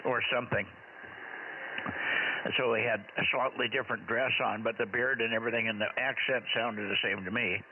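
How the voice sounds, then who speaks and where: A man's voice: mid-range voice, fairly even intonation, fairly quick. A man running a ham radio net, chatting casually and rambling with many fillers. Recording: tinny radio with hiss.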